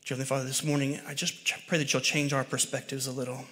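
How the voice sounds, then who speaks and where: A man leads the congregation in an earnest, halting prayer, pausing on fillers. His voice stays flat and even at a middle pitch. The sound rings through a large church hall. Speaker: church leader leading prayer. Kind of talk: spoken prayer. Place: church sanctuary.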